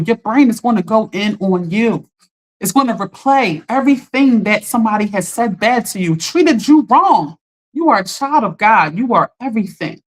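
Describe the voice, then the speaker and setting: A woman giving an emphatic, encouraging motivational talk as a life coach, speaking straight to her live-stream viewers as "y'all.". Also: on the high side. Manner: earnest and encouraging, greeting viewers by name.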